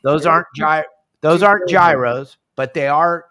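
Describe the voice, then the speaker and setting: A man hosts a casual fishing talk show, his voice sitting a little high for a man. He talks in an animated, chatty way and jumps his voice up when he acts out conversations with callers. He sounds like he is on a video call. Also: moderate pace, background noise. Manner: animated, acts out phone calls in raised voice. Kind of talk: casual podcast chat.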